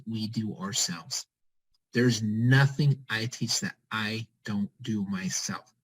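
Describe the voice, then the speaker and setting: Pushing his team forward with brief, repeated commands, a network-marketing team leader delivers an energetic, repetitive motivational talk on a group call. His voice sits on the low side, and the audio is rough.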